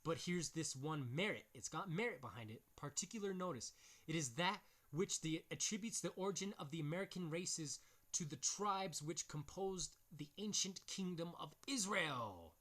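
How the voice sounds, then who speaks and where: In a slightly high, fairly bright voice with lively intonation, a man reads book passages aloud at normal speed. As the video's host he then comments on them in a blunt, crude, mocking way, with frequent swearing in the casual commentary.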